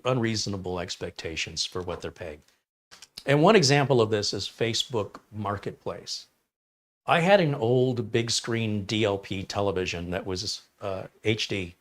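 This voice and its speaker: Man, somewhat low voice, casual livestream host, rambling, opinionated, reads chat aloud. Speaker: livestream host reviewing mini PCs.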